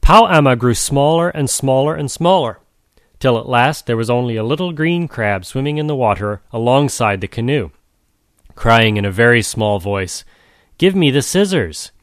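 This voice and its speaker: Man, storybook reading, measured, tender address to the listener, middle pitch, dry close sound. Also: no echo. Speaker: narrator.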